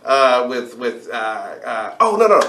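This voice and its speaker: Animated storytelling podcast host. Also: male voice, a little slow, slight background noise. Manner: animated storyteller, jumps into high voices for quotes. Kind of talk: casual chat, storytelling. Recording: roomy room sound.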